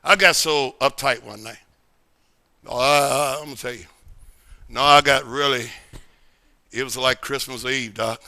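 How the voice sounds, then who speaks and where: A middle-aged man pastor preaching a sermon in a church service, emphatic and repetitive, swinging between sudden shouts and quiet asides. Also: medium pitch, measured pace, long pauses. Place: church sanctuary during a service.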